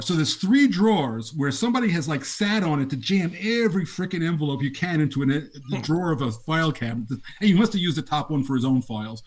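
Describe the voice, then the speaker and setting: Animated older man telling stories. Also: fairly high pitch. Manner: animated, laughing anecdotes with acted quotes. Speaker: game designer. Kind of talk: casual storytelling interview.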